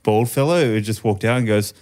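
A man, a podcast co-host telling a funny story in lively, sweary banter. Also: fairly low pitch, brisk. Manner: animated, laughing, swearing storyteller. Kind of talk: casual podcast chat.

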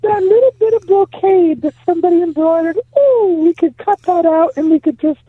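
A woman's voice: extremely high pitch, normal speed, no echo, voice pushed up. A man voicing his sing-songy, cheerful old grandmother, who gushes over antiques. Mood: gushing. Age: older. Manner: sing-song, gushing. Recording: tinny phone line.

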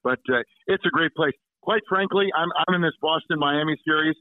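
This guest sportscaster phones in, his somewhat high voice brisk and the recording dry though tinny. He chats casually and warmly, wandering through stories with plenty of fillers and restarts.

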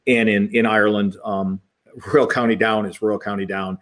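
Lower-voiced male podcast guest. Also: moderate pace. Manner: relaxed, many fillers like um and you know. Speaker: podcast guest, golf author. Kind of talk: casual interview answers.

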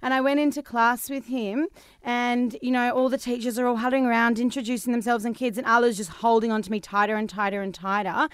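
A woman's voice: a little high, fairly quick, smooth, no room sound. An Australian woman in her thirties, telling a story in casual chat as a podcast co-host. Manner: chatty storytelling, animated.

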